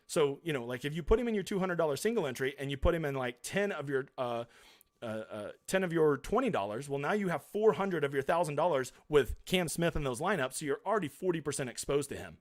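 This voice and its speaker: On a casual live stream, a man with a higher-pitched voice reads viewer comments out loud, responding in a talkative, blunt, forceful way. The sound is clean, studio-grade, with no echo.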